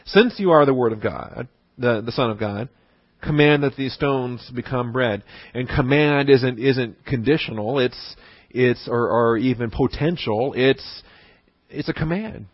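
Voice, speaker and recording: A man's voice: medium pitch, measured pace, no echo, muffled recording. Man teaching the Bible, dry sound. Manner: conversational, emphatic, with frequent restarts and laughs. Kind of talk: sermon-style Bible teaching.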